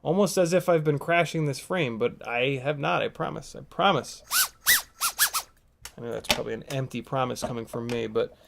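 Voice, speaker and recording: A man's voice: mid-range voice, brisk, gravelly, few pauses, heavy background noise. A man hosting a casual live stream from a home workspace, chatting easily, joking, and reading out viewer comments while he works. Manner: easygoing, jokey, reads out viewer comments.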